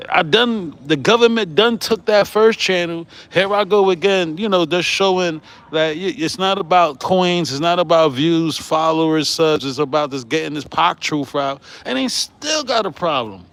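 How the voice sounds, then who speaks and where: High-voiced man ranting on his channel. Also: moderate pace, hardly any pauses, fairly bright tone. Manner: profane, combative, repeats "right?"; laughs often while ranting. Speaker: YouTube host. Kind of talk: heated vlog rant.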